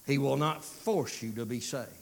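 A man preaching a sermon, swinging from loud pleading to hushed, drawn-out phrases. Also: mid-range voice, gravelly, a crowd in the background.

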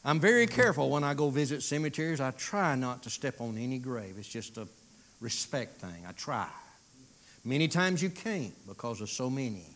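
A man preaching a sermon, swinging from loud pleading to hushed, drawn-out phrases. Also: medium pitch, expressive.

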